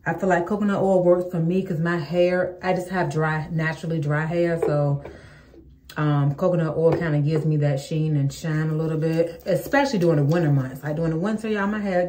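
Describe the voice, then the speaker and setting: Woman, 30s, home hair-care vlogger; lower voice, casual and chatty with viewers, echoey room. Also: fairly even intonation, a little fast, warm tone, a little hiss or hum. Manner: chatty, addresses viewers as y'all, many ums. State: out of breath. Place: home, indoors.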